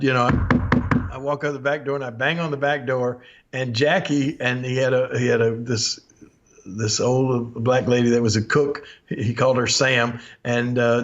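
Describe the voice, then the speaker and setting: Southern man in his sixties, podcast host, chuckling storyteller with a middle-pitched voice. Dull lo-fi sound. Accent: Southern American. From Memphis, USA. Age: 60s. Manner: chuckles often, animated, acts out quotes. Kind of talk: anecdotal storytelling.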